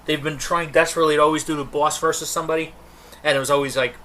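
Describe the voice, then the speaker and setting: A man's voice: on the high side, fairly even intonation, racing, a bit bright. A man co-hosting a casual wrestling podcast, rambling through details and tangents. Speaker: podcast co-host.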